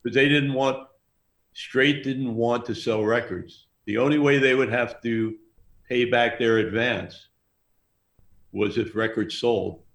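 A man's voice: medium pitch, fairly even intonation, slow, a bit bright, roomy sound. A man telling long, rambling anecdotes in a casual interview, often laughing as he goes. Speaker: music manager guest.

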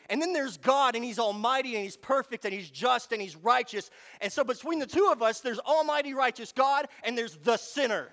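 A man preaching a sermon, moving between quiet reflection and fervent, emphatic passages. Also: extremely high pitch, lively intonation, normal speed. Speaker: pastor.

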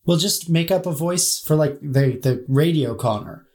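A man chatting casually as a player in a tabletop game, full of quick, joking quips. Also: a little high, a little mellow.

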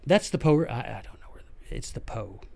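A man's voice: mid-range voice, brisk, vocal fry. Folksy Southern man telling history. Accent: Southern American. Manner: animated, folksy, addresses listeners directly. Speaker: podcast host. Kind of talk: casual history storytelling.

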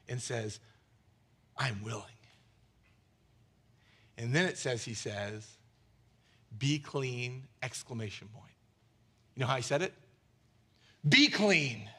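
A man preaching a sermon as pastor, animated and conversational, with quick asides and jokes. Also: mid-range voice.

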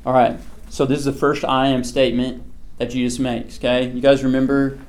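A man teaching a Bible study in an easygoing, conversational way. He keeps checking in with his listeners and asks the group questions. His voice sits at an ordinary middle pitch for a man. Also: flat delivery, brisk. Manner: conversational, checks in with frequent "okay" and "right". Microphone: slides or screen presentation with a pointer.

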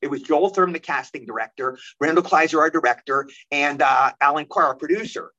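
A man telling stories as an interview guest, lively and quick, acting out the voices of the people he quotes. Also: on the high side, highs cut off. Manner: animated, rapid storyteller who acts out quoted voices. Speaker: guest actor. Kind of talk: storytelling interview.

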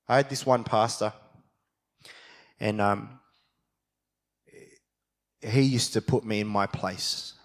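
A young adult man with a lowish voice preaches a sermon as a pastor. He starts in quiet reflection and moves to fired-up passion.

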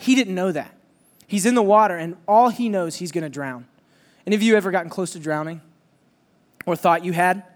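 A young man preaching to a youth group, telling a story with jokes and lots of energy. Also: high voice. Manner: animated, jokey storytelling. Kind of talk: storytelling sermon. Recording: hall reverb.

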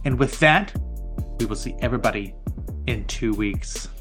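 A man's voice: mid-range voice, moderate pace, a bit bright, faint music behind. A man co-hosting a podcast in casual chat, upbeat and chatty as he wraps up the episode. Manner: upbeat, chatty sign-off delivery. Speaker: podcast co-host.

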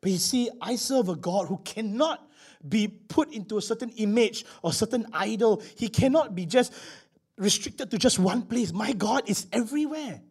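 High-voiced preacher. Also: male voice, normal speed, slightly rough. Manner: emphatic, rising and dropping between loud declarations and hushed asides. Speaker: pastor. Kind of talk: sermon.

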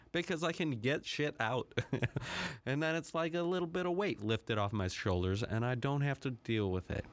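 A man hosting his own podcast, rambling through a casual, profane solo rant with a self-deprecating edge. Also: mid-range voice. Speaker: podcast host.

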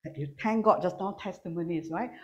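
A woman preaching a sermon to a congregation, animated and teasing, swinging between loud calls and quiet asides. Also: on the low side, fairly quick, dull audio. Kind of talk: sermon with humor. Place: church hall with online congregation.

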